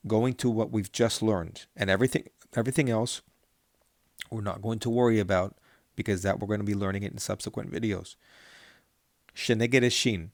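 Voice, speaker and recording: A middle-aged man teaching Torah cantillation, chanting verses slowly and then explaining them patiently, asking the listener to repeat after him. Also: lowish voice, darkish tone, dry recording, clean studio sound. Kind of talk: chanting lesson with call-and-repeat.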